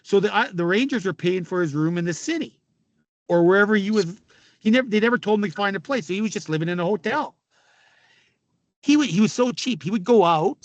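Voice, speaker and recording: A middle-aged man, a former hockey player, telling animated, laughing stories as a podcast guest. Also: high voice, dry recording, muffled recording. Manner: animated, laughing, swearing storyteller. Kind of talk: casual storytelling.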